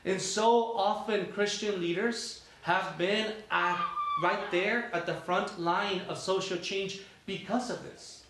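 A man's voice: high-pitched, unhurried, background noise. A man delivering a sermon, with conversational storytelling and frequent rhetorical questions. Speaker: pastor. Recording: very echoey room, faint ambience.

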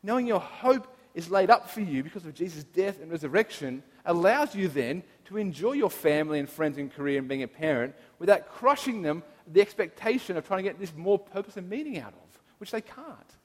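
A man's voice: high voice, expressive, fairly quick, few pauses. A man in his thirties, a pastor, giving a sermon in an earnest, personal, reflective way. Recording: long reverb of a large hall.

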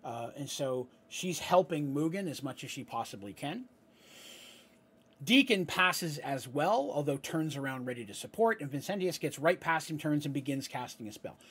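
Husky-voiced man narrating a tabletop game. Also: a little high, animated, moderate pace, fairly bright tone. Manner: explanatory asides, frequent "right?". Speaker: game master.

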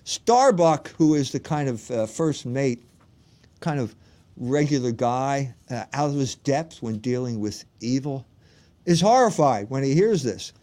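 A man's voice: medium pitch, lively intonation, a little slow, mellow. A man hosting a livestream, delivering an emphatic monologue full of rhetorical questions that he answers himself. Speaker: host and lecturer.

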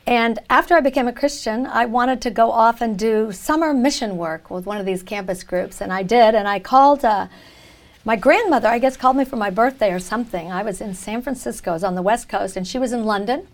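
Female interview guest, fairly high voice, animated storyteller. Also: fairly quick. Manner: animated storyteller, lively emphasis. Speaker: guest, religion reporter and writer.

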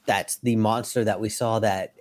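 Excited man gushing about comics. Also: fairly low pitch, moderate pace, no echo. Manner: excited, peppered with "frickin'". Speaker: podcast guest. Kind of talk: casual chat.

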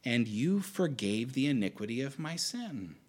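A man's voice: medium pitch, big pitch swings, normal speed, a little mellow. A man preaching a sermon in a conversational way, often restarting his sentences. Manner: conversational, with frequent restarts and fillers.

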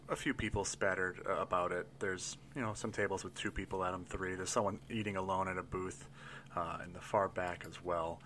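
A man narrating as game master, describing the scene in a relaxed, loose way with many fillers. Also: deep voice, a little hiss or hum.

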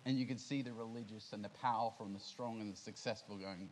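A man's voice: on the low side, steady tone, quick pace, hardly any pauses, a little hiss or hum, poor audio. A man preaching a sermon to his congregation, speaking casually and putting questions to the listeners. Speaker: pastor. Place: church service.

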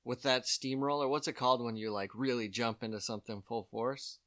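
A man's voice: mid-range voice, steady tone, fairly quick, a bit bright, no room sound. A young man co-hosting a comedy podcast, rambling and laughing as he trails off mid-sentence. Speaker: podcast co-host. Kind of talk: casual comedic banter.

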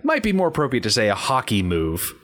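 Lively man recapping a movie. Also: medium pitch, fairly quick. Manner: animated, playful storytelling. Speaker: podcast co-host. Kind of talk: casual movie commentary.

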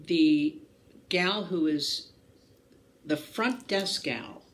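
A woman from Maryland telling lively stories as an interview guest, acting out the voices of people she describes, with many restarts and fillers. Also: sits low, very slow, a little hiss or hum. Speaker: guest actress. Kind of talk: casual storytelling interview.

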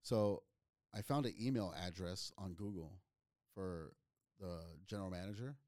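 A man's voice: low voice, measured pace, a little mellow, no room sound, clean studio sound. A man from Northern California, a comedian guest, telling stories in a blunt, direct way with casual cursing. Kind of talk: casual storytelling.

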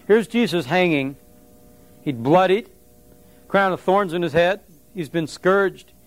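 A man preaching a sermon in a conversational, animated way, with asides to the congregation. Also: high voice, slow pace, no room sound. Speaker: pastor.

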